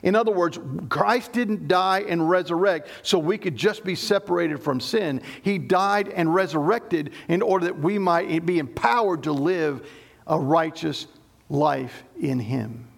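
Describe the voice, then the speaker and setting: High-voiced, gravelly preacher. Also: male voice, unhurried. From Southern United States. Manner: explanatory, emphatic teaching with repeated restarts. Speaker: pastor. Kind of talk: sermon.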